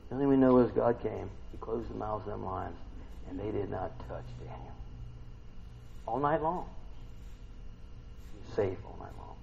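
A man preaching a casual sermon, retelling a scripture story and asking the listeners questions, swinging between loud and soft. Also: mid-range voice, creaky, lo-fi sound, a little hiss or hum.

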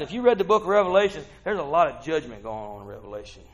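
A man preaching a lively sermon. He reads the text aloud and keeps asking "huh?", swinging from quiet asides to whooping shouts. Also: fairly high pitch, very fast, hardly any pauses, lo-fi sound.

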